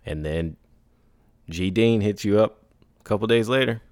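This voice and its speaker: A man hosting a solo podcast, telling business stories in a casual, animated way, acting out others in high put-on voices and laughing between lines. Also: normal speed, pauses often, dry recording, studio quality. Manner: laughs and sighs often. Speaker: podcast host.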